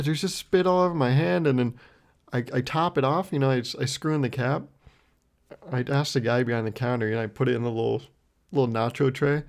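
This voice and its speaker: In his twenties, this male podcast host has a mid-range, gravelly voice with a darkish tone. Hosting solo, he tells a rambling, self-mocking story, laughing often and swearing freely.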